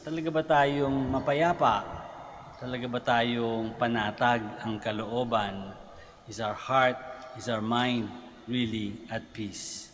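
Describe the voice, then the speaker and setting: A man's voice: medium pitch, fairly even intonation, unhurried, fairly bright tone. A Filipino-accented man gives a homily at morning Mass, speaking in a mid-range voice and talking through rhetorical questions in an easy, conversational preaching manner. His words ring out with a long church reverb, and a faint hiss sits under the recording. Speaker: priest. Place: large church basilica.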